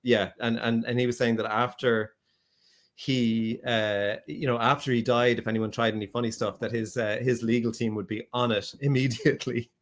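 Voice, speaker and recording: A man's voice: mid-range voice, fairly even intonation, moderate pace. A man co-hosting a podcast in casual chat, hesitant and full of restarts, who laughs now and then. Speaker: podcast co-host, actor.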